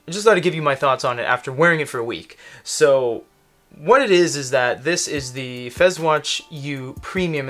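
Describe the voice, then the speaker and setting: A man's voice: on the high side, a bit bright. Chatty man reviewing a gadget. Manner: chatty, rambling, with many fillers and restarts. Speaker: tech reviewer. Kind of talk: casual product review.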